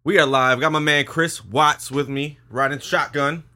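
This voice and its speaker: A man hosting a casual podcast, joking and rambling in a loose, quick way. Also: on the high side, steady tone, pushed and bright. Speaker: podcast host.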